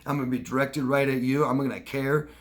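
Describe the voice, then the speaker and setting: A man's voice: mid-range voice, little pitch movement, brisk. A man working as a relationship coach, explaining in a conversational, instructional way and acting out short examples. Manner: conversational, acts out short demonstrations of lying and truth-telling. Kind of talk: instructional talk to camera.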